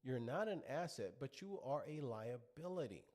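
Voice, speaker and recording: Preachy man lecturing with lively pitch. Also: moderate pace. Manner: preachy, lecturing, rhetorical questions. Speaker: commentary show host. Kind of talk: opinionated monologue.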